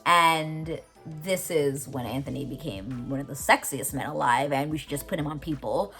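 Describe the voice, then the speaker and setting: Low-voiced excitable young woman. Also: normal speed, soft background music. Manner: excitable, gushing, swears freely, many "like"s. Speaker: TV reaction vlogger. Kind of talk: casual episode recap.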